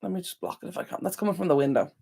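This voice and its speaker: An Irish woman hosts a casual livestream from a room at home near a window, talking very fast in a low, gravelly, mellow voice. She chats to viewers by name with plenty of ums.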